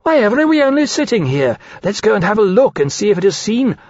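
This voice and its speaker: A man voicing an eager, impatient young female dragon, shrill and urgent. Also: sing-song, fast, darkish tone, no room sound, exaggerated voice. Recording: dull dry studio sound.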